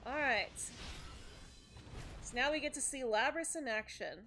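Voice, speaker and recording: A woman's voice: sits high, a little slow, pushed and bright, soft background music. A woman streamer chatting casually with her viewers and laughing often. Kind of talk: casual live-stream commentary.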